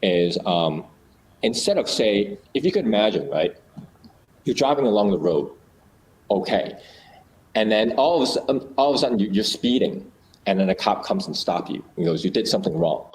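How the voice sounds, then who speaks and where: A man's voice: on the low side, expressive, moderate pace, slight background noise, low-quality recording. A man in a casual chat, explaining ideas through little acted-out stories, with many fillers and restarts.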